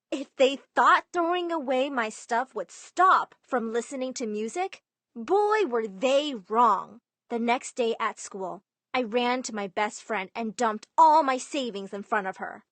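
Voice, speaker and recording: A young woman narrating her own story in first person, lively and putting on voices for family members. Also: high voice, unhurried, dry recording.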